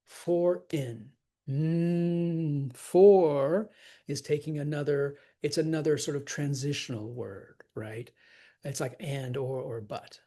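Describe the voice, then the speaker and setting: Husky slow-talking acting teacher, man. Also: a little high, steady tone, mellow. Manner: enthusiastic, chatty, laughs often, counts and taps out stresses. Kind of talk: scansion lesson.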